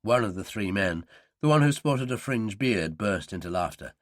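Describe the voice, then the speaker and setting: A man's voice: moderate pace, no echo, studio quality. A man reading a thriller audiobook aloud, voicing the characters in turn. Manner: reads character voices with lively pitch. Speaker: audiobook narrator. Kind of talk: scripted audiobook narration.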